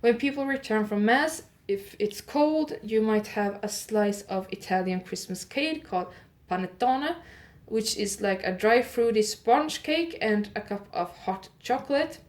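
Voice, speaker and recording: A woman hosting an audio advent calendar show. She reads holiday facts in one improvised take, pauses with "uh" to fix her pronunciation, and adds chatty asides to her listeners. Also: fairly high pitch, animated. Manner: reads steadily, stops often with "uh" to correct her pronunciation.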